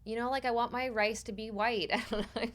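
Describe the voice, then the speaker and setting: A young pregnant woman chatting casually on a stream, animated and laughing often as she tells a story. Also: on the high side, fast talker, a little hiss or hum. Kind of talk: casual chat.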